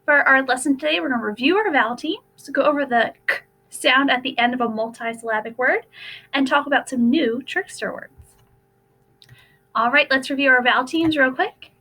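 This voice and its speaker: A young woman teacher giving a recorded phonics lesson to first graders, slowly sounding out letters and words. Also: high-pitched, pushed and bright.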